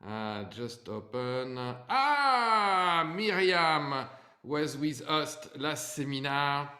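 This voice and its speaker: A middle-aged man with a French accent speaks slowly over a video call, friendly and halting, pausing often on fillers. His voice sits high for a man. An echoey room surrounds the sound. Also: big pitch swings, sharp tone. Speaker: webinar speaker. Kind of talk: live webinar talk.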